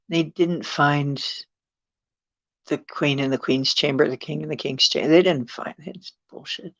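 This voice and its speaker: A woman host chatting casually on her show, rambling and sarcastic. She talks slowly in a fairly low voice. The recording sounds dull and lo-fi. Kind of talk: casual talk show chat.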